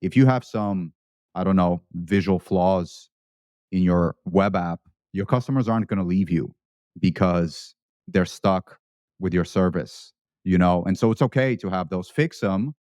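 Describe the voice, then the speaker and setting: A man's voice: low voice, measured pace, darkish tone, dry recording, studio quality. A man co-hosting a panel discussion, arguing a point with firm opinions.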